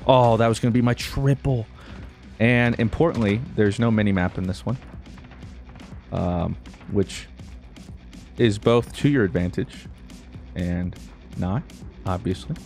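A man giving casual gameplay commentary as a YouTuber, excitable, yelping and talking to himself as he plays. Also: fairly low pitch, a little slow, pauses often, soft background music. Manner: excitable, yelps and exclaims, talks to himself. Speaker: gaming YouTuber.

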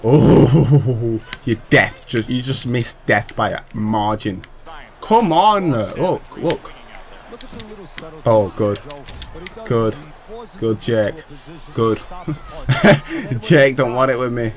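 A man's voice: mid-range voice, expressive, slow, pauses often. A man giving hyped, trash-talking gameplay commentary, laughing often. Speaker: gaming channel host.

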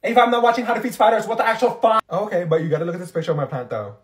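A man voicing a gloomy teenage schoolgirl who talks in a low-key, mumbled, flat way, in a comedy sketch. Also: rapid-fire, close to an everyday voice. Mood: deadpan.

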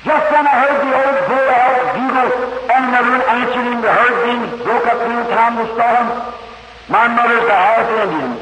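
A man with a strikingly high voice preaches a rambling, impassioned story sermon. His voice rings in a big echoing hall. The old 1950s tape is heavy with hiss. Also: normal speed. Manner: impassioned, rambling, surging pitch and volume. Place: church hall.

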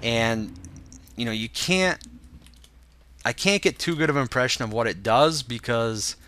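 This gaming host is a young man whose medium-pitched voice sounds blocked up and congested. At a measured pace, with slight background noise, he talks casually through a gameplay walkthrough, thinking out loud with fillers.

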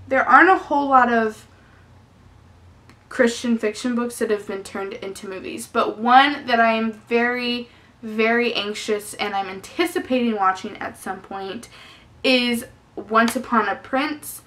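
A young woman talks through a book tag on her vlog, bright and a little sharp in tone. She gushes freely and fills her talk with casual fillers. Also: on the high side, unhurried. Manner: chatty and effusive, lots of "definitely" and "like". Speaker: book vlogger.

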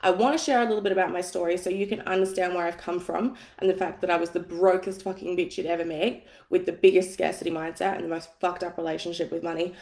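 Tired, husky woman hosting a livestream. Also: fairly low pitch, fairly even intonation, fast talker, hardly any pauses, a little mellow, echoey room. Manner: chatty, self-deprecating, swears freely. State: tired and a bit husky from an early start. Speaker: coach hosting a live masterclass. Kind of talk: casual livestream teaching. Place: at home. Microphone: phone on a tripod.

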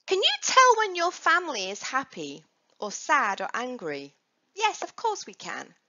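A woman's voice: high-pitched, wildly swooping pitch, measured pace, pushed and bright. A woman teaching young children about dog safety, coaxing answers with questions and playful prompts. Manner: sing-song, coaxing questions to kids. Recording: dull lo-fi recording.

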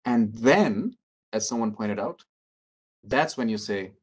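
A middle-aged man leading an interactive training workshop, speaking calmly and encouragingly as he reads out answers from the audience. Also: on the low side, slow, pauses often, breathy edge. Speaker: workshop presenter.

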